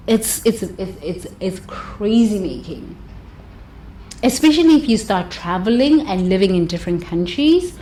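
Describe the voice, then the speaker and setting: A woman giving an expressive motivational talk, stretching words for emphasis and laughing often. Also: mid-range voice, a little slow, slight background noise. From South Africa. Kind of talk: motivational monologue.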